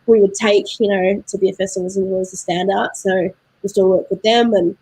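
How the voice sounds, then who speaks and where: Chatty New Zealand woman, husky voice. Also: medium pitch, level tone, a little fast, dark tone, dry recording, rough recording. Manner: chatty, laughs often, many fillers. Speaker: guest from a beer importer. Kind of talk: casual video-call chat.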